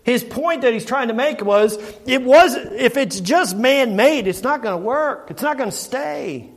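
A middle-aged man delivers an earnest sermon in a notably high voice. He leans on rhetorical questions to the congregation and often circles back, repeating and restarting his phrases as he speaks. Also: animated, unhurried. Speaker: preacher.

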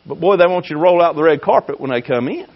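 A man preaching a fiery sermon, swinging between shouting and hushed tones. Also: fairly high pitch, expressive, fast talker, muffled recording. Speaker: pastor.

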